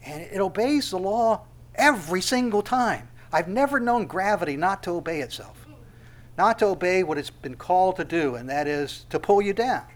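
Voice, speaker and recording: A man preaching a sermon verse by verse, dropping to a soft, hushed tone and then rising to loud, emphatic stress, slowing down on scripture phrases. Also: sits high, animated. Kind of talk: expository sermon.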